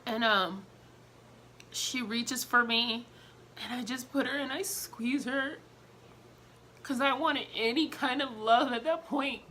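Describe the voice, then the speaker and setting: Slow-talking, bright-voiced young woman. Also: a little high, a little hiss or hum. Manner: candid, emotional storytelling with many fillers. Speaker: vlogger telling a personal story. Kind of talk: casual storytime vlog.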